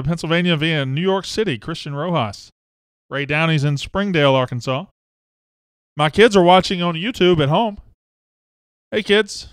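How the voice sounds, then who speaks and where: A man's voice: fairly high pitch, clear, resonant tone, dry recording, studio quality. A man, hosting a casual live sports talk show and greeting viewers by name and hometown. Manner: chatty, reads out viewer names and hometowns.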